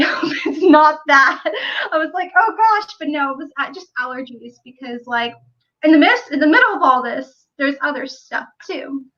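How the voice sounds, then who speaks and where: A woman's voice: sits high, bright, forceful tone, highs cut off. A woman hosting a casual livestream chat, talking in a chatty way and reading viewer comments aloud. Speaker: livestream host.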